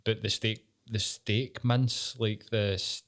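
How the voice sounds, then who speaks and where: A Scottish man hosting a podcast, chatting in a sweary, joking, animated way. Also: fairly low pitch, slow pace. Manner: sweary, banter-heavy and animated. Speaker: podcast host. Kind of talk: casual chat.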